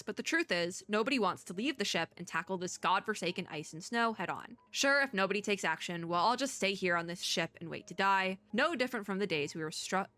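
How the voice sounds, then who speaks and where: Bright-voiced woman reading game story. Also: on the low side, no echo. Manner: chatty, with quick side comments and laughs. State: voice getting worn. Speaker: VTuber streamer.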